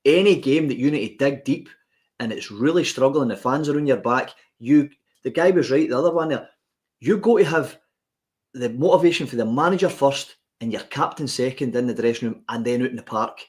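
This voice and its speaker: Ranting Scottish podcast host. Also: male voice, mid-range voice, fairly quick, darkish tone. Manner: passionate, ranting, emphatic. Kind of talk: heated casual chat.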